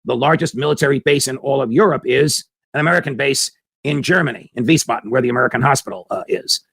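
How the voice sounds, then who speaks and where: A man's voice: medium pitch, fast talker, vocal fry, a bit bright, slightly rough. A man hosting a political commentary show, giving an emphatic opinion monologue full of hammering rhetorical questions.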